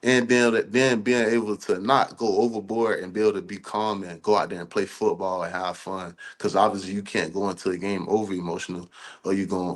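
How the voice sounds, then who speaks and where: Deep-voiced young man, laid-back and slangy. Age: young adult. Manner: relaxed, slangy, rambling with many fillers. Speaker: college football player guest. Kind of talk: casual interview chat.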